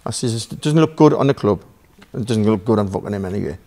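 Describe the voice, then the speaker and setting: This Geordie speaker from Newcastle, England, is a podcast guest spinning a lengthy yarn packed with swearing, wandering tangents and performed exchanges between characters. He talks quickly in a lowish, dark-toned voice with lively intonation.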